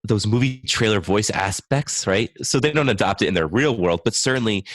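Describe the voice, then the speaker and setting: A man's voice: lowish voice, normal speed, dry recording. A man speaking as a guest on a podcast interview, an enthusiastic speech-language pathologist thinking aloud.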